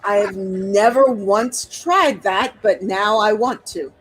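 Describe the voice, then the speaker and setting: A woman's voice: medium pitch, takes it slowly, breathy edge, poor audio. A woman co-hosting a casual book discussion, chatty and amused. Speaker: podcast co-host.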